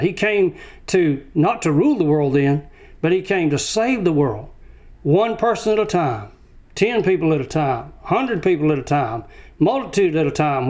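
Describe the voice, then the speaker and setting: A man's voice: sits high, a little mellow. A man delivers a sermon. He hammers each point with short, repeated phrases. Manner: emphatic repetition of short phrases. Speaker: preacher.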